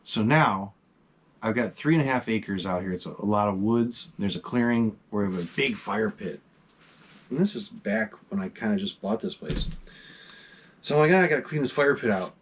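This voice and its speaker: A middle-aged man casually telling a ghost story to his vlog audience, animated and swearing freely. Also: on the low side, moderate pace, a little hiss or hum. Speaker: vlog host.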